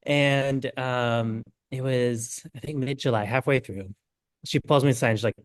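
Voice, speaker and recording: A young adult man, a knitting designer telling an animated story in a casual interview, acting out the quotes. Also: mid-range voice, moderate pace, no echo, clean studio sound. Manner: animated, acts out quotes with lots of "I'm like".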